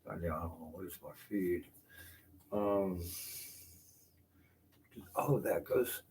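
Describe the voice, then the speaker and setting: A man's voice: low-pitched, takes it slowly, darkish tone. An older man streaming from his house, rambling, cursing and apologizing for it in frustration. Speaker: vlogger. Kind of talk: rambling live-stream talk. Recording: distant, noisy home recording.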